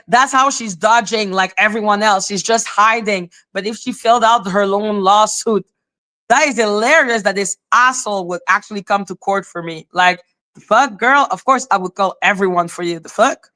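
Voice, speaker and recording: A woman's voice: medium pitch, moderate pace, pushed and bright. A woman from Haiti with a Haitian accent, a native speaker of French and Creole, hosting a livestream in a scornful, sarcastic and profane way. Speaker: livestream host. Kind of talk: casual livestream commentary.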